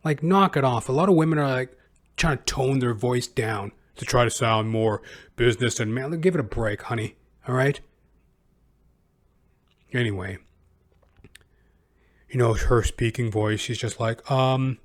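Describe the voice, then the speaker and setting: A man's voice: mid-range voice, measured pace, long pauses. A man hosting a podcast, giving crude, profane and sarcastic commentary in a rambling casual way. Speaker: podcast host.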